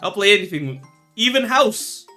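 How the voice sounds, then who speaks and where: A man voicing a gentle, doting middle-aged father in a game, reading his lines warmly. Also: high voice, very animated, moderate pace, soft background music, full character voice. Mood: tender.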